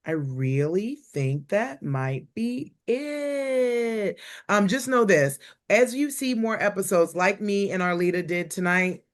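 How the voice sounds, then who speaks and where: A woman hosting a comedy review show, talking in a chatty, playful way. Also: on the low side. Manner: chatty, playful, self-promoting. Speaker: host. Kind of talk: casual chat.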